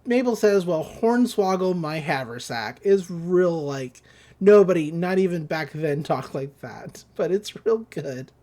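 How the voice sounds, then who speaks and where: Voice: mid-range voice, expressive, a little slow, dark tone. A podcast host casually recapping a cartoon episode, amused and rambling, slipping into quoted voices.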